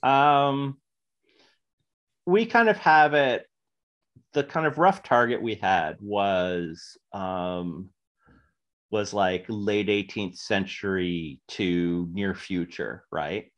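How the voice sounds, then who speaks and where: A man answering as a podcast guest, in a casual and rambling way. He talks slowly in a lowish voice and leans on fillers like um and like as he works through his thoughts. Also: a bit bright, muffled recording. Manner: rambling, full of fillers and likes. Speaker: guest game designer. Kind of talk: casual interview chat.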